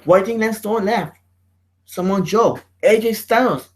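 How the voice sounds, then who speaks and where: A man's voice: high-pitched, unhurried, poor audio. A man hosting a casual chat show, ranting with heavy profanity and repeated words. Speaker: show host.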